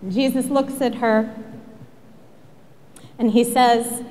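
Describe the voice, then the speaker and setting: A woman pastor delivering a sermon in a church, telling the story dramatically and sinking to a hushed prayer. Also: a little high, takes it slowly, pauses often, in a large hall. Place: church sanctuary.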